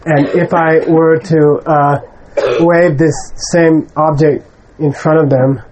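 A man's voice: fairly high pitch, level tone, slow pace, background noise. A man teaching a class of students, speaking conversationally, bluntly dismissing wrong views and often checking in with "okay?". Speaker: Buddhist teacher. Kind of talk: lecture to students.

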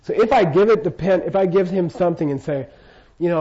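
A man's voice: high voice, fast talker, hardly any pauses, mellow. An older man giving an informal Buddhist lecture, casual and jokey, often checking in with his listeners. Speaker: Buddhist teacher. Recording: dull lo-fi lecture recording.

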